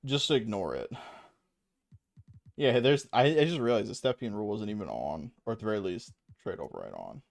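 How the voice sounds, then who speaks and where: A man's voice: on the low side, very animated, a little fast, creaky, no room sound. A young adult man streaming a video game, rambling and self-mocking with a lot of swearing and frequent laughs. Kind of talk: casual gaming stream commentary.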